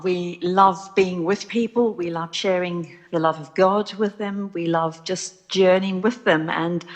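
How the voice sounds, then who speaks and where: A woman with a South African accent, a pastor, talking in a measured, articulate way on a phone-in. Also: fairly low pitch. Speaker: Salvation Army pastor. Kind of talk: phone-in chat.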